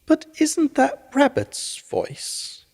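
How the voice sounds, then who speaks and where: A man voicing a gentle, simple-minded male teddy bear in a bedtime storybook reading, high and slow and wondering. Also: huge pitch swings, vocal fry, heavily acted. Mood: puzzled.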